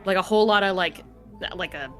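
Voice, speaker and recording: A woman's voice: medium pitch, brisk, soft background music. A woman game master narrating a tabletop game casually, with many fillers. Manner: casual, filler-heavy storytelling.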